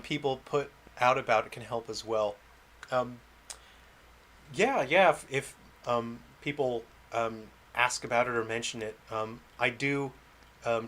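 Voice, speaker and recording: A man chats casually with his livestream audience about being a game developer. He rambles, puts himself down and laughs between thoughts, in a mid-pitched, everyday voice. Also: moderate pace, pushed and bright. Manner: rambling, self-deprecating, laughs often.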